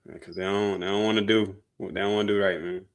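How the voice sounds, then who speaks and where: Lower-voiced man reading scripture. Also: fairly even intonation, fast talker, clean tone. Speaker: scripture reader. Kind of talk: reading Bible verses aloud.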